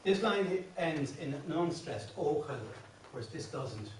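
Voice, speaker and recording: An Irish singing teacher, fairly high-voiced and expressive, speaks unhurriedly in a very echoey classroom, heard off-mic via a distant room mic with slight background noise. During his song workshop he patiently explains verse patterns, restarting many times and slipping into sung lines.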